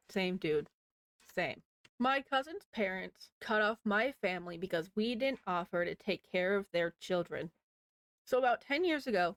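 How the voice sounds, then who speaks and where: A woman's voice: medium pitch, no echo. A woman reading online posts aloud in a casual way, with wry asides to the listener.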